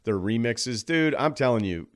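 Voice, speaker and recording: A man's voice: mid-range voice, lively intonation, moderate pace. A man appearing as a podcast guest, talking in a wry, rambling way and correcting himself as he goes. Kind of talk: casual chat.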